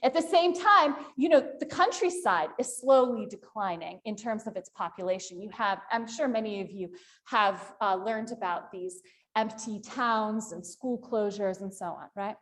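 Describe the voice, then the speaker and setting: A woman's voice: medium pitch, moderate pace. A woman lecturing at a university panel, asking the audience questions as she goes. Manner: animated, asks the audience questions.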